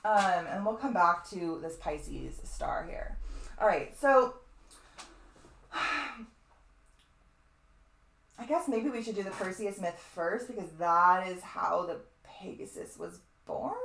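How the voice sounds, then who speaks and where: A woman astrologer lectures in a relaxed, chatty way, drifting into asides and tossing in the occasional swear. Her voice sits at a middle pitch. The recording has a noticeable echo, as if made in a bare room. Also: slow pace, long pauses. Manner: chatty, digressive, fond of asides and mild swearing. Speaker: astrologer teaching a webinar. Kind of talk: casual spoken lecture.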